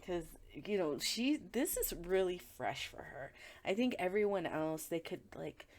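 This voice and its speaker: A woman's voice: fairly low pitch, sing-song, unhurried, a little mellow. A woman giving a casual tarot reading, talking bluntly and with plenty of swearing and filler words. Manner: chatty, blunt and profane, with frequent filler words. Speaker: tarot reader.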